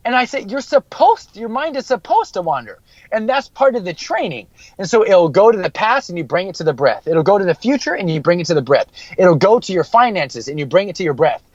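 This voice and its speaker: A man's voice: high-pitched, big pitch swings, quick pace, dry recording, muffled recording. A man working as a mental skills coach, giving an earnest podcast interview and repeating key phrases for emphasis.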